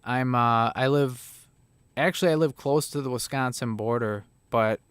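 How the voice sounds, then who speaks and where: A man's voice: medium pitch, moderate pace, smooth, no room sound. A man in his thirties with a Chicago accent, chatting casually and rambling a bit with plenty of swearing as he reviews videos. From Illinois, USA. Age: 30s. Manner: rambling, profane, laid-back. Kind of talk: casual reaction chat.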